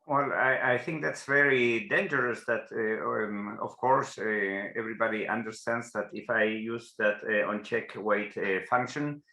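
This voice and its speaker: A man in the audience asking a question, hesitant and halting, with many fillers. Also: mid-range voice, fairly even intonation, creaky, bright, forceful tone, echoey room.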